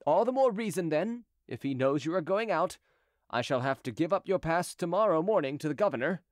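A man's voice: on the high side, expressive, brisk, no echo, clean studio sound, pitched above the performer's own voice, close to an everyday voice. A man voicing a polite but stubborn male gate officer who talks in a courteous, unyielding way.

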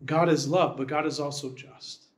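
A man's voice: a little high, fairly even intonation, moderate pace. A man, the church's pastor, preaching a sermon in a conversational style, often checking in with "right?".

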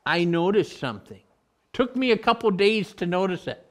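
A man's voice: sits high, lively intonation, normal speed. A middle-aged man, preaching a sermon in a conversational way, explaining words with everyday stories. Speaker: pastor.

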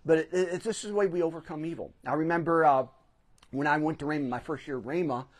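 A man's voice: a little high, quick pace. A middle-aged man, a pastor, preaching a sermon in a church sanctuary, telling a personal story and pressing hard on key phrases.

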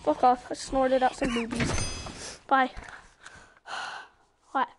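Loud, high-voiced swearing young woman gamer. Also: little pitch movement, slow, noisy background. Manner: loud, profane, swings into shouting frustration. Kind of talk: casual gameplay commentary.

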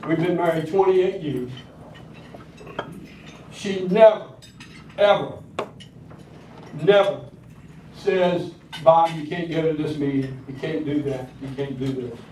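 A man's voice: fairly high pitch, fairly even intonation, moderate pace, few pauses, warm tone, a little hiss or hum. A man in his sixties with a Southern American accent, giving a folksy public speech with hesitant fillers at a breakfast event. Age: 60s. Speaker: county commissioner speaking at a public event. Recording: echoey hall, picked up from a distance. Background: clinking cutlery and dishes.

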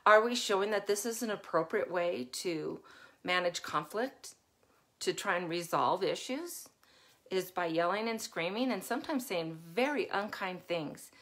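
A woman's voice: lowish voice, expressive, unhurried, fairly bright tone. A woman hosting a live parenting session in a casual, chatty way. She laughs often while telling stories and asks her listeners rhetorical questions.

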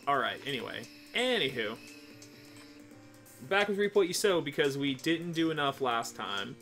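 A man's voice: fairly high pitch, animated, normal speed, fairly bright tone, soft background music. A young man co-hosting a casual gaming chat, joking sarcastically while he plays. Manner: joking, sarcastic, mocking voices. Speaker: co-host playing the game.

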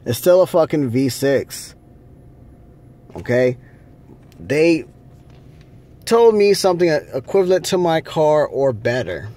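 Man venting to camera from a car, slow drawling delivery, slightly high voice, heavy cursing. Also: sing-song, warm tone. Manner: angry, profane ranting. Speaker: vlogger. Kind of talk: casual vlog rant.

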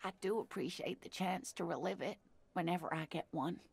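An actress voicing a kindly older woman cryptozoologist, with a creaky, husky voice and an affectionate, wistful manner. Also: lowish voice, a little fast, darkish tone. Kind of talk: video game voice acting.

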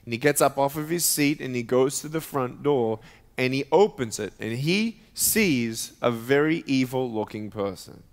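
A man's voice: medium pitch, lively intonation, moderate pace. A man giving an emphatic sermon as guest speaker at a church, storytelling and preaching with rising intensity. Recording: reverberant church hall.

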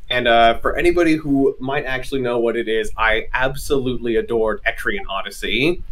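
A man's voice: medium pitch, a little fast, fairly bright tone, a little hiss or hum. A man, a game designer guest in a casual interview, explaining at length in an earnest way with lots of "you know" and "like".

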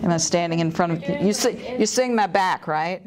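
A woman's voice: fairly low pitch, moderate pace, crowd noise. A woman artist from the US South giving a live painting demonstration, chatting enthusiastically and thinking aloud as she works. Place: art studio or gallery room.

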